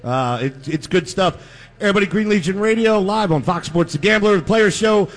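A man hosting a live sports radio show from a restaurant, loud and joking. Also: sits high, animated, moderate pace. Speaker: radio host.

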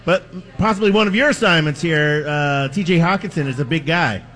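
A man's voice: on the high side, moderate pace, fairly bright tone. A man co-hosting a live sports radio show, teasing and laughing in banter. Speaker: radio co-host.

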